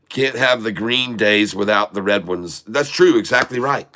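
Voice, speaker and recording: A man's voice: lowish voice, noisy background. A man from the United States hosting a casual stock market livestream, joking and folksy, often calling his viewers folks.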